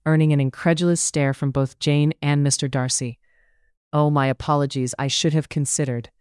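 An audiobook narrator giving a steady, even reading of a period romance story. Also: mid-range voice, clear, resonant tone, no room sound, studio quality.

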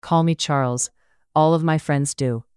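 A narrator reads a courteous young gentleman from a period storybook, polite and genial. The voice is smooth and clear. It sits close and dry, with no room sound. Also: mid-range voice, fairly even intonation, measured pace, no room sound, natural voice. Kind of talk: audiobook character reading.

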